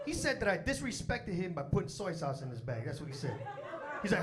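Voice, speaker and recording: A man in his forties from Chicago's South Side performs a stand-up set on a comedy stage before a live audience, telling stories and acting out the people in them. His voice is a little high, and he talks fast. Loud crowd laughter runs throughout the recording.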